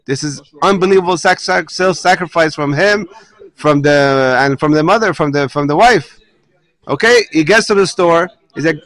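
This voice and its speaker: A rabbi gives a weekly Torah class in a high, ringing voice. He tells stories in an animated way, scatters Hebrew terms through his English, and speaks with a bright, forward tone. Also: normal speed, rough recording.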